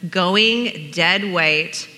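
A woman's voice: on the low side, extremely slow, bright, forceful tone, big-room sound. A woman hosting a casual chat, encouraging the others and laughing along.

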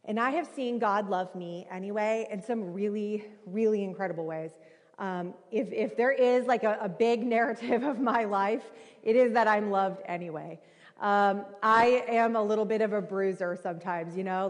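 Woman preacher, 30s, chatty sermon storytelling, mid-pitched, long hall reverb. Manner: animated, conversational, many fillers.

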